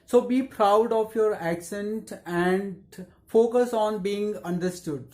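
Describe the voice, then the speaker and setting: An English pronunciation teacher in scripted instructional narration, explaining tips in a measured and encouraging way. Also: medium pitch, dark tone.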